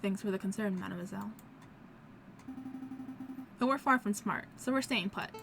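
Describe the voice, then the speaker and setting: A woman's voice: mid-range voice, normal speed, gravelly, over music, natural voice. A woman doing a dry, weary male falcon lawyer.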